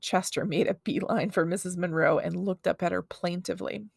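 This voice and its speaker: A woman reading a children's book aloud in an expressive, friendly way. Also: lowish voice, fairly quick, gravelly, no echo, clean studio sound. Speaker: read-aloud storyteller.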